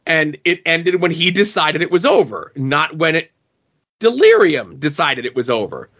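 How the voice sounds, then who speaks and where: A middle-aged man co-hosting a podcast, talking through a comic thoughtfully and pausing to search for words. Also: on the high side, sing-song, a bit bright, dull audio. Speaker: podcast co-host. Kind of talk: casual comic book discussion.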